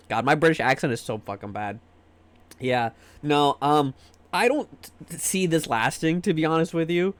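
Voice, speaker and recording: Rambling, profane American streamer. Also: male voice, on the high side, moderate pace. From United States. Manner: rambling, profane, repeats words while restarting. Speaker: livestream host. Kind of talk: casual stream chat.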